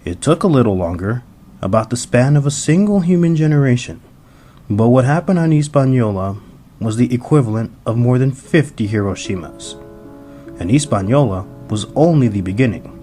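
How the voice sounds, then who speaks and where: Male narrator, mid-pitched, grave and measured, over music. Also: lively intonation, mellow. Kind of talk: scripted documentary narration.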